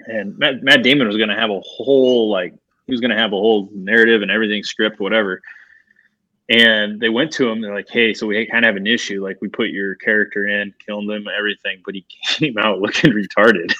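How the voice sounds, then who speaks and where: Man, podcast guest, laid-back storyteller, low pitch, dull lo-fi, dry room. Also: steady tone, brisk, pushed and bright, no echo. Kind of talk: casual chat.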